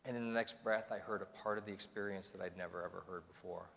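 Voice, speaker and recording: A man's voice: low voice, steady tone, fast talker, vocal fry, fairly bright tone. A North American man giving a self-mocking, humorous storytelling speech as a motivational speaker. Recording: reverberant hall, faint noise.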